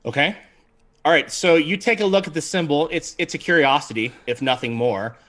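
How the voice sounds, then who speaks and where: A man's voice: a little high, brisk, fairly bright tone. A man narrating as game master in a tabletop game, rambling and laughing often.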